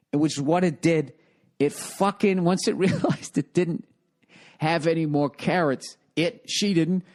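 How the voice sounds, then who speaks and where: A man's voice: a little high, a little mellow. Profane, exasperated man ranting a story. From United States. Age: 40s. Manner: profane, rambling and exasperated, with frequent swearing. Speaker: comedian and podcast host. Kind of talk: comedic podcast storytelling rant.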